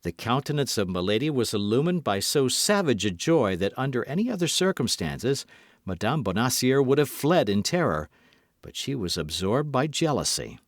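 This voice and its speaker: A man narrating a classic novel as an audiobook with an expressive reading. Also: medium pitch, normal speed, no echo, clean studio sound. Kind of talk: scripted narration.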